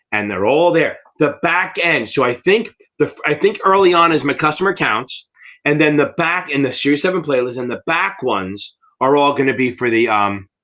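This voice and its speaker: A man's voice: fairly high pitch, a bit bright. Blunt, profane middle-aged American man. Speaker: exam prep instructor. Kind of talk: live Q&A teaching.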